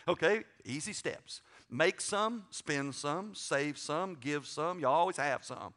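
A middle-aged man preaching a sermon, folksy and joking, swinging from loud to quiet asides. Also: fairly high pitch, slow, few pauses. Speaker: pastor.

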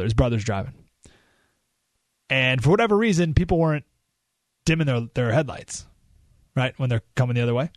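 A man hosting a talk radio show, telling a story in an animated, emphatic way with rising indignation. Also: medium pitch, no room sound, clean studio sound. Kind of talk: opinionated radio monologue.

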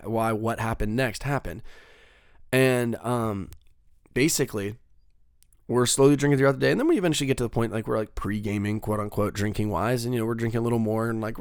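A man's voice: medium pitch, creaky, no echo, clean studio sound. A young man casually telling a long personal story, rambling and swearing, with lots of filler words.

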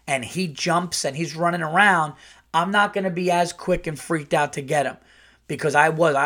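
A male comedian with a fairly high voice, spinning a profane, rambling story on his podcast. He speeds up and slows down and doubles back on himself as he talks. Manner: animated, profane, rambling with restarts. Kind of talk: comic storytelling monologue.

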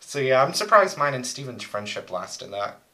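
Bright-voiced young man telling crude stories. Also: medium pitch, very animated, normal speed, a little hiss or hum, low-quality recording. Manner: rambling, crude, joking storyteller. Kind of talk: casual chat.

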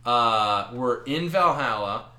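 A man in casual podcast chat, retelling a comic book with lots of swearing and quick acted-out lines. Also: mid-range voice, roomy sound. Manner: animated, swears freely, acts out characters' lines.

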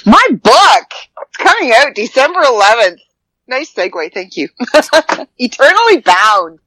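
A woman chats bluntly on a podcast, cracking jokes and cursing without a second thought. Her pitch swings widely from line to line. The sound is dry and close, with no room around it. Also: big pitch swings, a little slow, pushed and bright, dry recording, rough recording. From Canada. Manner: blunt, joking, swears casually. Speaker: podcast co-host. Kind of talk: casual podcast chat.

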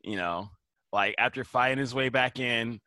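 A man's voice: medium pitch, moderate pace, no room sound. A man on a casual film podcast, animatedly retelling movie scenes and swearing casually. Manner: animated, acts out movie lines in quoted voices, swears casually.

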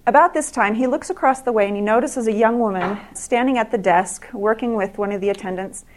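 A woman's voice: a little high, fairly quick. A middle-aged woman giving a speech to an audience, telling stories earnestly and often restarting and repeating words. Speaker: speaker at an evening event.

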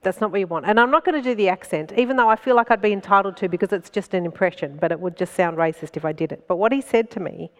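Speaking rapidly and hardly pausing, a middle-aged woman with a mid-range voice performs comic, self-mocking stories for a live crowd at a festival talk. Laughter often breaks into her lines, and the sound fills a large hall.

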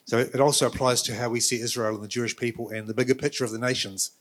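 A man's voice: medium pitch, steady tone. A man on a church panel answering a question, hedging often with "you know". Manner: quick, hedging with fillers.

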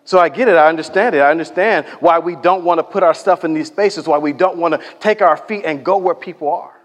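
A man preaching in a church, his fairly high voice carried by a long hall echo. He tells stories in a loose, conversational way and acts out the people he quotes. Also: a little fast. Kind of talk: sermon. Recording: echoey hall reverb.

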